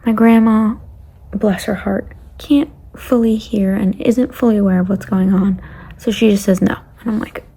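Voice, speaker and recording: A young woman vlogger rambles through a casual travel story, often sinking into a breathy near-whisper. Her voice sits at medium pitch, with a steady, warm tone and a normal speaking speed.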